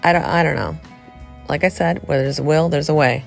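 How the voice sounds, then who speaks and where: A middle-aged woman chatting excitedly to viewers as she shops a thrift store, filming on a handheld phone. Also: deep voice, a little fast, gravelly, faint music behind. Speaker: vlogger. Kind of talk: casual thrift-store vlog chat.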